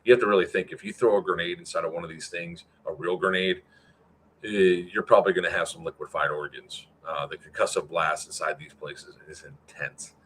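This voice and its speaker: Male event organizer, deep, bright-edged voice, casual rambling update style. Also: steady tone, a little fast, a little hiss or hum. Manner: rambling, filler-heavy, answers chat.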